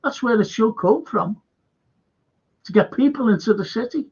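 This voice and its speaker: A man's voice: very high-pitched, normal speed, a little mellow, husky, highs cut off. A man with a Liverpool accent hosting a live stream, telling a rambling story that is full of swearing and heated outbursts. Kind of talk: casual rant to a live stream.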